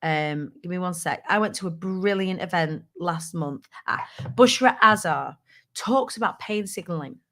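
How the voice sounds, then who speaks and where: Woman host, bright and forceful tone, candid and playful, drops the odd swear word in motivational chat. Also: lowish voice, moderate pace. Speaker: host of a business tips show. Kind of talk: casual motivational talk to a live audience.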